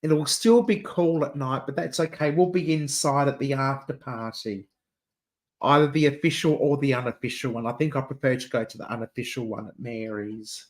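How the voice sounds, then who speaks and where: Speaking at a moderate pace in a mid-range voice, an Australian man from Adelaide runs an easygoing livestream chat on his channel. He's camp and chatty, often breaking into laughter and calling the audience "dear."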